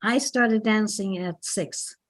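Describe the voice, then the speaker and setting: A woman's voice: mid-range voice, slow pace. An older woman with a Dublin Irish accent, chatting as an interview guest about her past and often correcting herself mid-sentence. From Ireland. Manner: chatty, meandering, self-correcting. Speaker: interview guest, dance teacher. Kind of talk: reminiscing interview.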